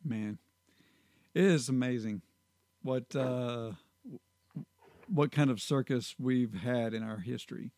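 A man with an ordinary mid-pitched voice chats casually as a co-host. He mostly reacts with short comments. The sound is dry and close. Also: slow pace, long pauses, a little mellow, no echo. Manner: responsive, short interjections. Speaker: podcast co-host. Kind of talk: casual conversation.

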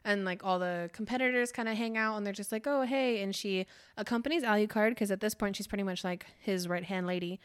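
A woman's voice: medium pitch, fast talker, few pauses, clean tone. A woman co-hosting a book podcast, chatting casually and animatedly as she retells a novel's plot, full of "like" fillers. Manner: animated, laughs often, many "like" fillers.

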